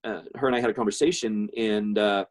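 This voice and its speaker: A man's voice: fairly low pitch, fairly even intonation, brisk. A middle-aged man telling a personal story in a rambling way, with many fillers and restarts. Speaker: guest speaker.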